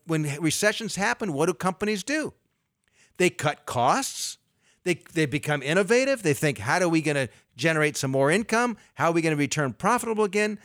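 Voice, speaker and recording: A middle-aged man, a financial advisor, explaining investing on a radio talk show in a lively way with everyday analogies. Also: on the high side, no echo, studio quality.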